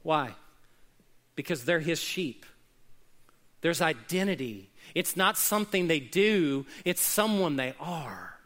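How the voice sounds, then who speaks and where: Male pastor, high bright voice, animated sermon delivery with big swings for emphasis. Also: slow pace. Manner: animated preaching, rising and dropping for emphasis. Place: church service with congregation.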